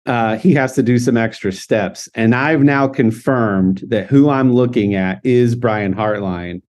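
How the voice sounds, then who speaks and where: A man's voice: mid-range voice, unhurried, darkish tone. A man co-hosting a podcast, telling an anecdote in casual chat, laughing often and acting out the dialogue. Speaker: podcast co-host.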